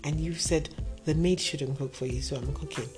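A woman voicing a meek young wife who pleads quietly. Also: low-pitched, moderate pace, over music, close to an everyday voice. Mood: pleading.

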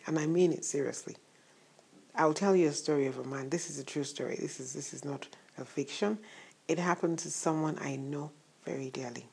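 Woman, preacher, morning sermon, husky, deep voice, conversational. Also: a little mellow. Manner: conversational, asks rhetorical questions, laughs at times.

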